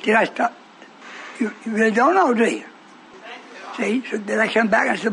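A man preaching with a strikingly high voice, firing questions at his congregation. Faint noise sits behind him. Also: a little slow, long pauses, fairly bright tone. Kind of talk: sermon.

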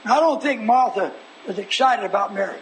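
A man's voice: sits high, a little fast, low-quality recording. A man preaching a dramatic sermon, acting out scenes and calling out to his congregation. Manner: theatrical, acts out scenes, calls out to the congregation. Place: church. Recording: live church service with congregation.

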